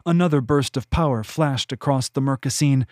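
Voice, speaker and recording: In this scripted narration, a male audiobook narrator tells his fantasy novel at an even, unhurried pace. The voice sits in a normal middle register, recorded close to the mic with a dry sound and no trace of the room.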